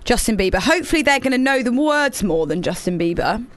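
A woman's voice: fairly high pitch, sing-song, fast, dry recording. A woman hosting a radio show, chatty and teasing in casual banter, laughing often.

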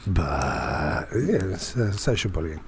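A performance poet co-hosting a podcast chats casually, spinning rambling anecdotes full of fillers and restarts. His voice sits low and is very animated, he takes it slowly, and there's slight background noise.

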